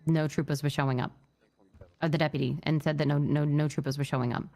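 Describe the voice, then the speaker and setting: Low woman in an rp trooper role, venting steadily, ums and false starts. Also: flat delivery, vocal fry, mellow. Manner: upset but measured, frequent fillers and restarts. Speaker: state trooper in a roleplay server. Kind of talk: in-character roleplay briefing.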